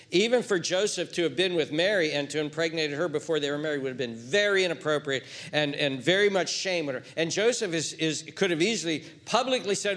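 A man's voice: high-pitched, a bit bright. A male pastor preaching an expository sermon, emphatic and repeating words for stress.

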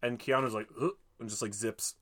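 Casual male co-host with an average-pitched voice, retelling a film with lively acted-out quotes. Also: brisk. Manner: animated storytelling, acts out characters' lines. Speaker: podcast co-host recapping a movie. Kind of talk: casual chat.

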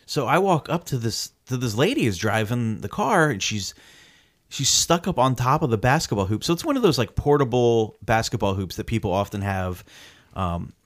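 Lively man telling a story. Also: mid-range voice, normal speed. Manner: animated, acts out the scene, lots of "like". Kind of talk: casual storytelling.

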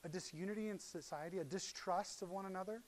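A middle-aged man preaching from the pulpit in a fairly high voice. He tells the story with animated energy, jumping from loud, excited outbursts to quiet, hushed asides as he acts out the characters. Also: quick pace, a little hiss or hum. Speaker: pastor. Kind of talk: sermon.

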